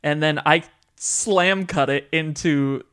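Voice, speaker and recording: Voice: medium pitch, slow pace, a bit bright, smooth. A podcast co-host and editor in casual chat, teasing and laughing often.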